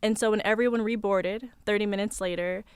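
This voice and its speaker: Calm young woman with a smooth voice. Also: mid-range voice, dry recording. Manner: calm, measured storytelling. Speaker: studio guest. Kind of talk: recounting a personal story on radio. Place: radio studio. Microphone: studio microphone.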